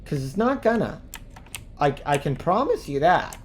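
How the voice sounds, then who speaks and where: A woman's voice: low-pitched, big pitch swings, moderate pace, slight background noise. A woman streaming a video game, commenting casually and swearing as she rants in angry outbursts.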